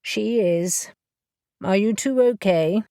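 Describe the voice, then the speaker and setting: A woman voicing a motherly, fussing secretary in her sixties in an audiobook, gentle in manner. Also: medium pitch, takes it slowly, no room sound, studio quality.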